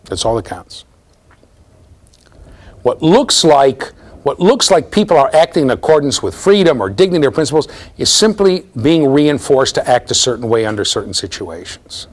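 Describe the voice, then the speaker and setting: A middle-aged man giving a university lecture, animated and storytelling, often checking in with the class. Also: medium pitch, moderate pace. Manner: animated storytelling, mimics voices, asks the class "right?". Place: lecture hall.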